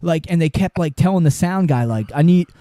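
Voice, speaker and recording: A man's voice: fairly high pitch, animated, brisk, dark tone, no room sound. A man hosting a podcast in casual chat, laid-back, laughing often and telling stories. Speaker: podcast host.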